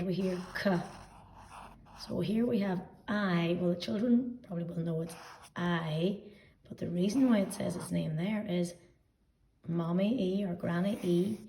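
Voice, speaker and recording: A woman teacher explaining weekly phonics homework to parents, speaking slowly and patiently and sounding out letters one by one. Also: on the low side, gravelly, dark tone, distant mic, a little hiss or hum. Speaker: early-years teacher. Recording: echoey room, voice set back from mic.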